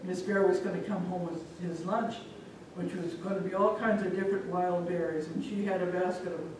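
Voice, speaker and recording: A woman from Omaha telling a folk tale live to an audience, animated and speaking directly to listeners. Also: fairly low pitch, a little fast, slight background noise. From Omaha, Nebraska. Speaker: storyteller. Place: live public event, echoey room. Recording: echoey hall from far off.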